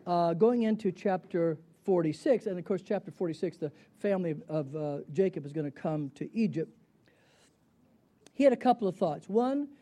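A middle-aged man gives a Bible study lecture, chatting with students and answering his own questions. He has a high, mellow voice.

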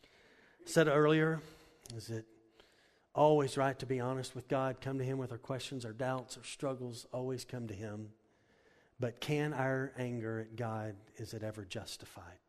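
A man's voice: medium pitch, fairly even intonation, moderate pace. Earnest male preacher in an echoey hall. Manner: earnest, conversational, emphatic. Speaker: pastor. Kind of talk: sermon.

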